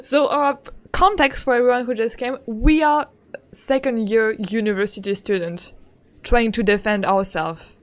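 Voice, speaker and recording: A woman's voice: fairly high pitch, steady tone, a little slow. A woman streaming a game in casual, playful chat, speaking English as a second language and giggling often as she greets her viewers.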